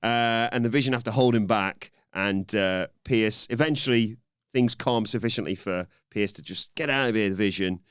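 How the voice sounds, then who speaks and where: A man co-hosting a podcast, recapping a wrestling show in an animated way and acting out the lines in raised voices. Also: lowish voice, moderate pace, smooth, no echo, clean studio sound. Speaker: podcast co-host.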